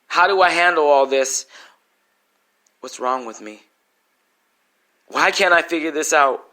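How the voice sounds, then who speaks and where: Intense spoken-word man, bright clear voice. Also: on the high side, a little slow. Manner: emotional, intense, pleading.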